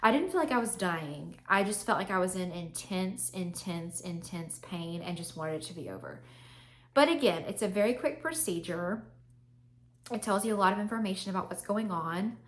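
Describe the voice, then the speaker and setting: A woman's voice: fairly low pitch, lively intonation, normal speed. A young woman vlogging to camera, telling a personal story in a chatty, candid way with many fillers.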